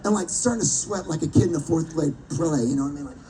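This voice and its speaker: A man's voice: fairly high pitch, quick pace. A man voice actor telling a comedic anecdote to a live audience, acting out the people he quotes. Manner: animated storyteller who acts out the people he quotes. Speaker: voice actor telling a stage story. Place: outdoor Renaissance fair stage. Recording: distant mic with crowd noise. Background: audience laughing and reacting.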